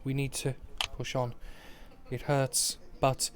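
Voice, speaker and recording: A man playing a tabletop game, chatting eagerly with quick banter. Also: medium pitch, completely flat delivery. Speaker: player. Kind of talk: casual tabletop game chat.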